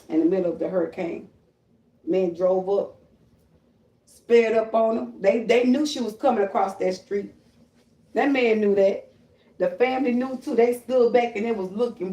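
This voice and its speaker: Roomy, profane woman ranting on a live stream. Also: medium pitch. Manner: loud, confrontational, animated storytelling with shrieking imitations. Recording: roomy echo, voice a bit far from the mic.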